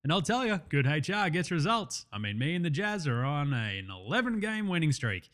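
A man's voice: on the high side, big pitch swings, normal speed, fairly bright tone. A man with an Australian accent voicing a dry, mock-corporate basketball player posing as an office HR manager in a comedy sketch. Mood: deadpan.

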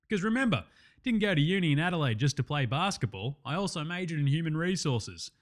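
A man's voice: mid-range voice, fairly bright tone. A man with an Australian accent voicing a dry, mock-corporate basketball player posing as an office HR manager in a comedy sketch.

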